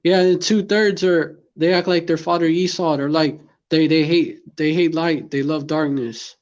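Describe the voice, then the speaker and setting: A man's voice: on the high side, steady tone, a little slow, muffled recording. A man in a casual chat who talks earnestly about religious teachings and reads scripture aloud. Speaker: conversation partner.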